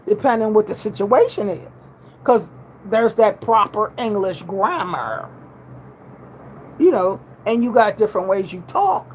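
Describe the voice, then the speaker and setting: A woman in her sixties chatting casually with her livestream viewers, relaxed and drawling with slangy everyday grammar, talking in a steady middle pitch over faint room noise. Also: low-quality recording. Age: 60s. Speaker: livestream host.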